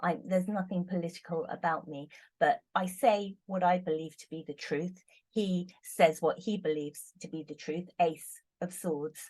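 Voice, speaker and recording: Chatty British woman, fairly low voice. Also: fairly even intonation, normal speed, a little mellow. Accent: British English. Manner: chatty, giggly, exclamatory. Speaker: tarot reader, channel host. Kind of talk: casual chat.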